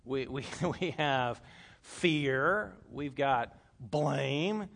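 A man's voice: medium pitch, expressive, drawn-out words, vocal fry, a bit bright, slight background noise. A man preaching a sermon to a congregation, talking in a conversational way with stammered repeats and short laughs. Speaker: pastor. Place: room with a congregation.

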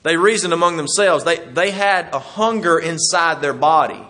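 Man preaching, bright and slightly high voice, homey and chatty. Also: normal speed. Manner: folksy and conversational, chuckles while teaching. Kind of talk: sermon.

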